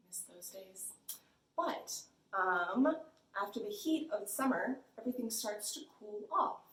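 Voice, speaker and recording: A young woman librarian leading a children's storytime, bubbly and sing-song. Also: medium pitch. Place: library room. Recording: echoey room.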